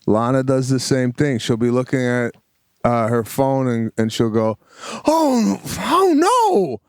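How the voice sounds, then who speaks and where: A middle-aged man co-hosting a comedy podcast, telling animated stories about his family in a casual chat. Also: mid-range voice, moderate pace, clean tone, no echo, clean studio sound. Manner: animated storytelling, acts out family members.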